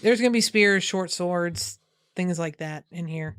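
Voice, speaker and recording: A woman runs a tabletop game as its game master, narrating with lively energy. She often jumps into high squealing voices for side characters. Her voice sounds dry and close. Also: a little slow, clear, resonant tone, dry recording.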